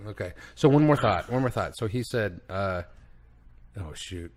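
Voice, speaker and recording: Animated ranting podcast guy. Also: fairly low pitch, normal speed. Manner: animated, ranting, swears, laughs loudly. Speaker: podcast co-host. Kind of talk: casual comedic rant.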